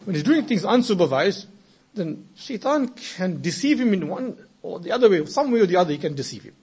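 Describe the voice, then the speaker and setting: A man giving a sermon, telling moral stories and building from quiet narration into emphatic exhortation. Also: sits high, very animated, fairly quick, breathy edge. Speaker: preacher. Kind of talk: storytelling sermon.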